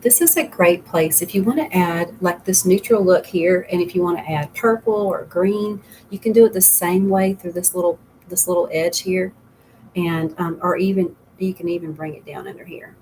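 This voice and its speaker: A woman's voice: fairly low pitch, moderate pace, a little mellow, slight background noise, low-quality recording. A middle-aged woman giving a casual makeup tutorial as a makeup consultant, rambling and chatty with frequent laughs.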